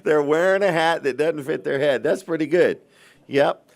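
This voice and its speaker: Man, middle-aged, gravelly, local TV talk host, folksy, earnest. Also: fairly high pitch, normal speed. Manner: folksy, earnest, many repeated restarts. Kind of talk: local TV talk show chat.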